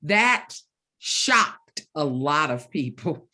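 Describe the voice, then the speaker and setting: A woman in her fifties from the Deep South, telling a story as an author guest, acting out the dialogue and laughing often. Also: very animated, drawn-out words, bright, forceful tone. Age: 50s. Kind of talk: storytelling in a virtual book event chat.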